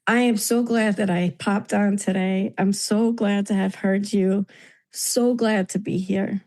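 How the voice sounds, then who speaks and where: Heartfelt New woman, mellow voice. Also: mid-range voice, steady tone, measured pace. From New York. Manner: heartfelt, tearful at times, grateful. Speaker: meeting participant. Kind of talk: emotional sharing in a recovery meeting.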